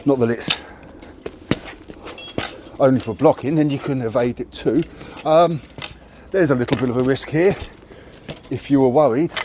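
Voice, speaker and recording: A man's voice: medium pitch, a little mellow. Guy explaining boxing drills outside, plain and straight-talking, bit of background noise. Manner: plain, matter-of-fact, candid explanations. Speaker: martial arts channel host. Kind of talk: casual training demonstration to camera. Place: outdoors near a tree.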